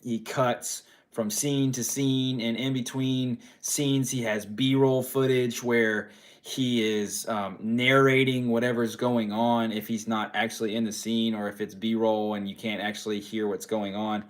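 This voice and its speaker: A man's voice: mid-range voice, little pitch movement, measured pace. A tired man, a dad, chatting casually on a livestream, rambling and repeating his phrases while answering viewer chat. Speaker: streamer reading viewer chat.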